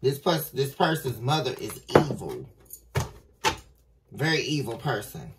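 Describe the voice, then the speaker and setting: A woman giving a tarot reading to her viewers, dramatic and halting, repeating phrases for emphasis. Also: a bass voice, very animated, recorded from a distance, very noisy. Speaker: tarot reader.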